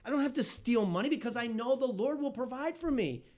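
A man preaching a sermon as pastor, animated, swinging between loud emphasis and hushed tones. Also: very high voice, a little fast.

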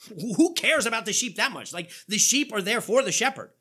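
A man preaching a sermon, his voice slightly husky and bright in tone. He speaks with lively swings in pitch, and he fires off rhetorical questions as he quotes scripture. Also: moderate pace. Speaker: pastor.

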